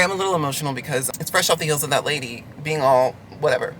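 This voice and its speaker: A man's voice: fairly high pitch, lively intonation, very fast, few pauses, a bit bright, slight background noise. A delivery driver venting through a ranting storytime vlog from his car, sarcastic and exasperated.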